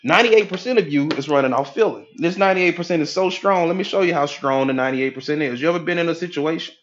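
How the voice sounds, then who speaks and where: A man coaching on mindset, lecturing at a whiteboard in an animated way and acting out inner voices with casual profanity. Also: on the high side, fast talker, highs cut off. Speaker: hypnotherapy coach.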